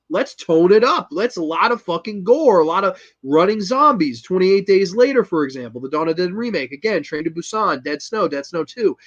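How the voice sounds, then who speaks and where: A man talks through a favourite horror film in an eager, profane rush, acting out lines as he retells scenes. His voice sits a little higher than most men's. The recording is slightly dull and lo-fi. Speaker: host. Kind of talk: casual film review monologue.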